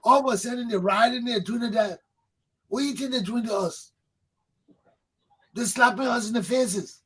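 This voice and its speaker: A man's voice: very high-pitched, moderate pace, fairly bright tone, husky, rough recording. A man, hosting a talk show, delivering a fervent political monologue that preaches, repeats points for emphasis and swears. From Liberia.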